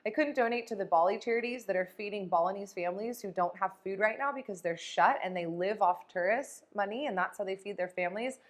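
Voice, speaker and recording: A woman's voice: mid-range voice, brisk, hardly any pauses. Blunt, profane woman coach. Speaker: life coach. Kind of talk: casual motivational vlog talk.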